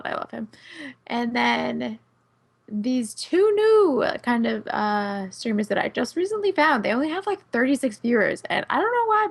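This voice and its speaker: A woman's voice: a little high, creaky. A young Canadian woman with a Canadian accent, chatting casually and giggling as a podcast guest. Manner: giggly, animated. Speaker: guest streamer.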